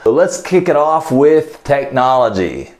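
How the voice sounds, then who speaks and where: An American man teaching English in a video lesson, his pitch rising and falling in a lively way. He explains phrasal verbs one at a time, switches to Portuguese now and then, and acts out bits of phone calls to show how they are used. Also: a little slow. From United States.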